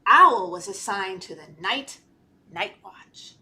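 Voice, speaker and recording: A woman children's librarian reading a picture book aloud to toddlers, animated and playful, gasping and talking to the children. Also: mid-range voice, slow. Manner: animated, talks to children, gasps and laughs. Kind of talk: storytime read-aloud. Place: library storytime video.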